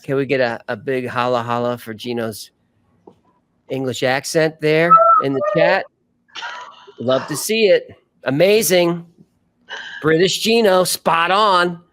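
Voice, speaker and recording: A man's voice: on the high side, a little slow, long pauses, fairly bright tone. A man co-hosting a livestream who teases the storyteller with playful jokes. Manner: teasing, playful. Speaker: co-host. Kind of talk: joking banter.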